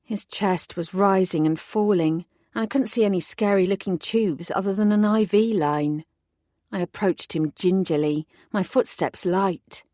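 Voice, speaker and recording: A woman narrating a first-person audiobook in a clear, steady storytelling voice on a close studio mic. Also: medium pitch, no room sound.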